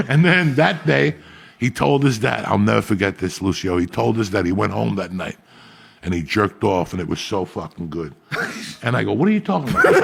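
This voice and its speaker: A middle-aged man from Cuba, telling profane stories in an animated, casual chat as host. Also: medium pitch, normal speed, creaky, husky. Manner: animated, profane storytelling with Spanish asides. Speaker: podcast host.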